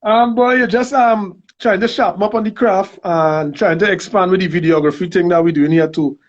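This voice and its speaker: Male guest artist, relaxed, high voice, muffled lo-fi audio. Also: moderate pace. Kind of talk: casual chat. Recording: dull lo-fi call audio.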